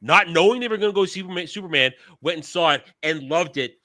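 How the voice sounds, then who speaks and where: A man hosts a casual podcast chat and rants bluntly, swearing freely. His voice sits fairly high and sounds very bright and forceful. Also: animated, quick pace. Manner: blunt, profane ranting. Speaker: show host.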